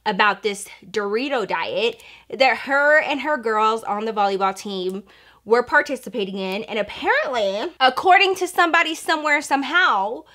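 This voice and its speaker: A young woman telling a casual storytime to her viewers, animated, slangy and profane, talking straight to the camera. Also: fairly high pitch, moderate pace. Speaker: storytime vlogger.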